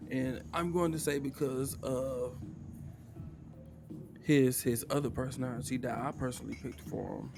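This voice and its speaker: A man's voice: medium pitch, fairly even intonation, normal speed, creaky, over music. Casual man running a tabletop game. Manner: casual, sighing, muttering to himself. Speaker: game master. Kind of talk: solo tabletop game narration.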